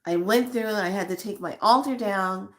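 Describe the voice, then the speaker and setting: A middle-aged woman vlogger telling a personal story to her viewers in an animated, emotional way. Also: mid-range voice, normal speed. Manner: emotional, animated retelling with acted quotes. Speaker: spiritual vlogger.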